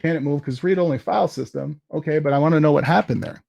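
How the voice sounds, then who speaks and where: Gravelly man talking through a demo. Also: on the high side, fast, darkish tone, dry recording. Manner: casual, thinks aloud while typing commands. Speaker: tech meetup presenter. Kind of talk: live software demo walkthrough.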